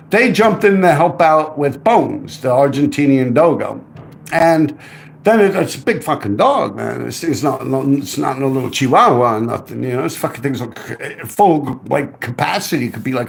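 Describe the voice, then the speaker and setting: A man's voice: fairly high pitch, creaky. A man telling a rambling, profane story on a casual livestream. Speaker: livestream host.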